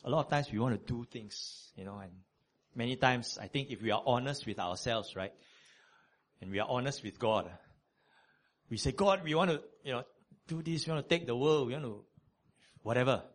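A man preaching a sermon, conversational and animated, with many fillers. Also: medium pitch, moderate pace, long pauses.

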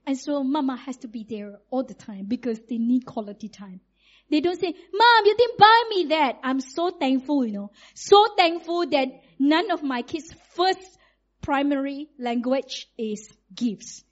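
A middle-aged woman, preaching in a lively, conversational way and acting out quotes. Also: high-pitched, a little slow, highs cut off. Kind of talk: sermon.

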